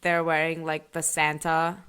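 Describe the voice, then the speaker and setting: A woman in her thirties co-hosting a podcast, chatting casually, laughing often and dropping quick asides. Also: deep voice, completely flat delivery, fairly bright tone, smooth. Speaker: podcast co-host. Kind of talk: casual chat.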